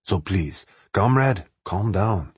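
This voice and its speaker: A man voicing a big fellow in a trench coat who speaks low, soothing and quietly menacing. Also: lively intonation, takes it slowly, slightly rough, no room sound, exaggerated voice. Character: big hushed male secret-police type in trench coat.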